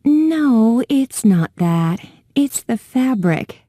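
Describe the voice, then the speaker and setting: Woman voicing a frustrated customer: slow, very dark, dry studio read. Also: fairly high pitch, animated, breathy edge, dry recording, heavily acted. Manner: insistent, exasperated. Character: frustrated mother returning jeans.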